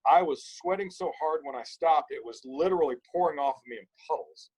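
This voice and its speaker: Husky-voiced man telling an animated story. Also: on the high side, brisk, poor audio. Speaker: podcast guest. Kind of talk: casual storytelling conversation.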